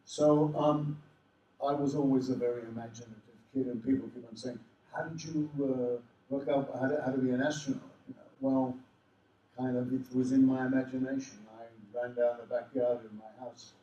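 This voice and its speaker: An older man with an Australian accent, telling lively anecdotes to a convention audience and slipping into the voices of people he mentions. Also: medium pitch, moderate pace, muffled recording, slight background noise. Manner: animated, does voices of people in his stories. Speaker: convention panel guest. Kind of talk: storytelling anecdotes to a live audience. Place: convention hall. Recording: roomy hall, mic at a distance.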